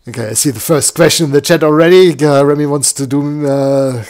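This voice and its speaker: A man with a croaky, slightly hoarse voice, walking through a software demo live and thinking aloud with lots of fillers. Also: fairly high pitch, steady tone, fairly quick. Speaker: software tutorial presenter. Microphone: desktop microphone.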